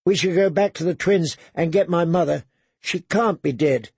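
Stubborn young girl voiced by a man, raised pitch, husky, insistent. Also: moderate pace, darkish tone, no room sound. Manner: insistent, scornful.

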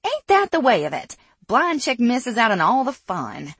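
A woman's voice: on the high side, wildly swooping pitch, normal speed, a bit bright, breathy edge, dry recording, voice pushed up, heavily acted. A narrator voicing a blind young woman with a Southern accent, playful and cheeky. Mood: teasing.

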